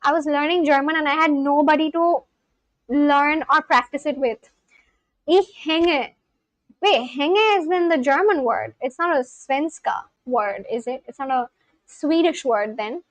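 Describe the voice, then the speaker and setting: A young woman chatting casually on a language-learning livestream, thinking aloud and sounding out foreign words slowly. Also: high voice, no echo, rough recording.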